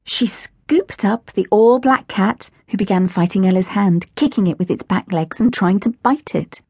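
Woman, children's audiobook narrator, gentle and expressive, breathy tone, mid pitch, dry close studio sound. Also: normal speed, no room sound. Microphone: close studio microphone.

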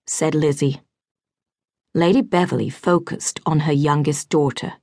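A woman narrating a historical romance audiobook in a measured, even way, recorded close in a studio. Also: low-pitched, dry recording. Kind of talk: scripted narration.

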